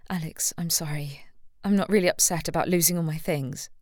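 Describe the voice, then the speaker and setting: A woman narrator voicing a practical young woman who is upset and tired, her voice lifted higher than her narration and often softened to a hush. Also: a little fast, no room sound, clean studio sound. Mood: weary, soft. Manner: raised pitch, emotional, soft and hushed at times. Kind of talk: audiobook character reading.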